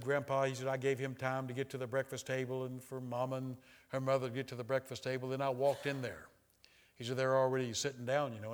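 A man preaching a sermon, retelling a story with quoted dialogue in a conversational way and building to loud, emphatic peaks. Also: medium pitch. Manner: conversational, frequent "you know" asides.

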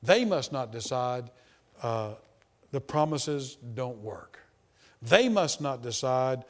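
A man preaching a sermon, emphatic and repetitive, swinging between loud stresses and hushed asides. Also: medium pitch, animated, slow pace, long reverb tail.

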